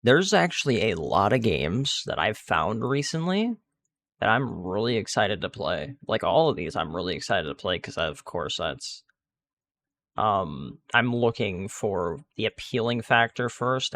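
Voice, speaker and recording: A man with a lowish, gravelly voice chats his way through a video game. His delivery is animated in pitch but loose, full of restarts and filler words. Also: a little slow. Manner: rambling, restarts sentences, many fillers. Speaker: gaming video creator. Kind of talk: casual gameplay commentary.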